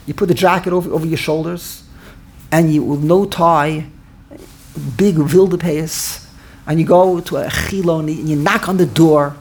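A man teaching a Torah class in an animated way, often repeating himself and restarting his sentences. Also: a little high, normal speed, a little hiss or hum. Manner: animated, repetitive, stumbles and restarts mid-sentence.

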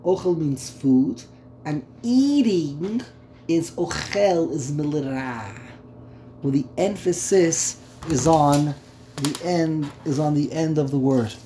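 Taking it slowly, a Torah teacher with a fairly high, dark-toned voice works through the terms of a text study lesson, thinking aloud and repeating words. An echoey room and faint background hum frame the recording.

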